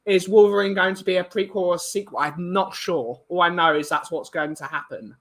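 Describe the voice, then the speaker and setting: Guy, young, high bright voice, loose opinionated chat to his viewers. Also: brisk. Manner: rambling, opinionated, many restarts. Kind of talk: casual chat.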